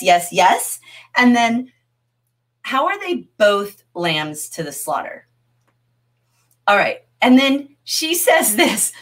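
Animated woman teaching a livestream class. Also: medium pitch. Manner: animated, laughing, talks to the chat. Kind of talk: livestreamed literature lesson.

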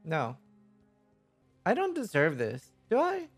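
Brief: male gamer streaming, frustrated and vocal, animated pitch swings. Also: slow pace, slightly rough, soft background music. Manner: exasperated, yelping, complaining. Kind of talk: casual live-stream play.

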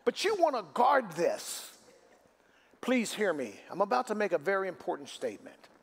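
A male pastor preaches in a church sanctuary, his high-pitched voice very animated, at normal speed, with a breathy edge. He calls for congregational responses and builds to emphatic, repeated declarations.

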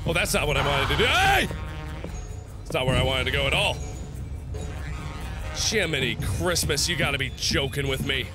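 A young man playing a horror game and commenting, sick and nauseous, swinging between shrieked curses and low, worn-out muttering. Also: animated, normal speed, long pauses. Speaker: gaming YouTuber. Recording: game music behind.

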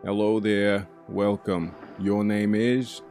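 A man's voice: fairly low pitch, level tone, slow, a little mellow, soft background music. A man voicing a stern, curt older male support group leader with a New England accent, in a spoken bedtime story. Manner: curt, scolding.

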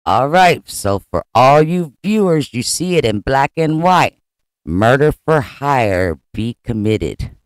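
A man commenting casually in a clip from another channel, speaking slowly and deliberately. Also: mid-range voice, very animated, dry recording.

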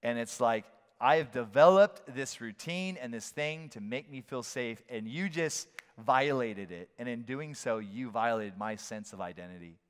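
A man preaching a sermon as a pastor, animated and playful, now and then acting out shouted voices. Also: medium pitch, normal speed, few pauses, smooth. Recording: long hall reverb.

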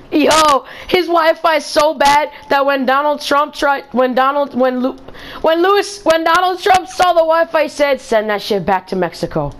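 Woman gamer, high-pitched and slow-talking, giggly and out of breath, loose profane banter. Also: fairly even intonation, a bit bright. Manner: giggly, swearing, slangy banter. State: breathless from laughing. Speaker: gamer in voice chat. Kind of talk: casual chat with friends.

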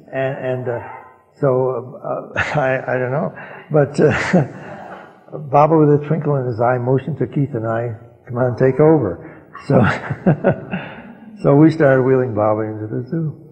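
A man's voice: mid-range voice, unhurried, a little mellow. An older man recounting old memories to a gathering, rambling with frequent chuckles and fillers. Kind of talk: anecdotal storytelling talk. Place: large hall at a gathering. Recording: dull archival recording in reverberant hall.

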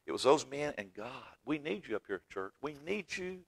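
A man preaching a fervent sermon in a church, swinging from loud exclaiming to hushed asides. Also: medium pitch, sing-song, moderate pace, creaky, breathy edge. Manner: fervent, swings from shouting to near-whisper. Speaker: pastor. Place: church sanctuary.

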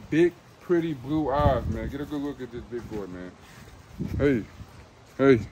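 A man's voice: medium pitch, measured pace, highs cut off, background noise. A young man filming with his phone outdoors, selling puppies in a hyped, slangy way and repeating himself a lot. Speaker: dog breeder. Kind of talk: casual sales video.

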